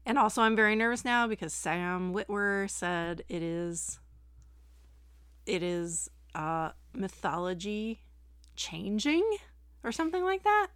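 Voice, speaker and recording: A middle-aged woman co-hosting a podcast in a chatty, animated way, quick to joke. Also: medium pitch, clean tone, no room sound. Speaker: podcast co-host. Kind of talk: casual chat.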